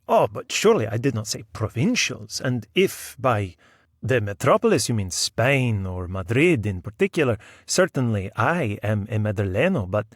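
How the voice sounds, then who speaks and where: A man's voice: fairly low pitch, big pitch swings, normal speed, no echo, clean studio sound. A man playing a young priest who speaks emphatically and protests. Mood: emphatic.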